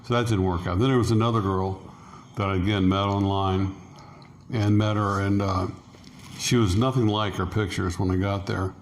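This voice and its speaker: Low-voiced man telling a rambling story. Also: steady tone, moderate pace, a little hiss or hum. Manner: rambling, with fillers and acted-out quotes. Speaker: interview guest, expat. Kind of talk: casual storytelling.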